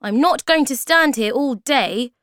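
A woman's voice: on the high side, very animated, a little slow, fairly bright tone, dry recording, clean studio sound, voice pushed up, exaggerated voice. A woman voicing a touchy young male creature who speaks in an impatient, sulky way.

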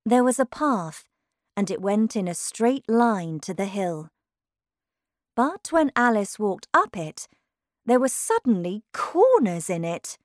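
Slow, expressive woman reading a storybook. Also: mid-range voice, dry recording, clean studio sound. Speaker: narrator. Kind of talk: storybook narration.

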